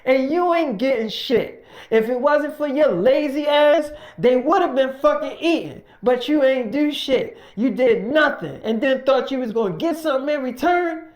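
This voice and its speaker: A storyteller voicing an angry armed man who curses at workers and threatens to shoot them, in a loud, raised voice. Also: medium pitch, animated, moderate pace, pitched above the performer's own voice, lightly acted. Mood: furious, threatening. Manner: cursing, threatening, shouting.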